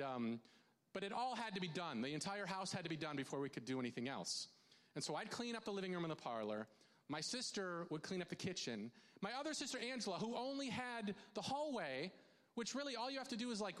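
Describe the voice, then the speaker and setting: A man preaching a conversational sermon to his congregation, chatty and animated, with many restarts and asides to the crowd. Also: high-pitched. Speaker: pastor. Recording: long hall reverb.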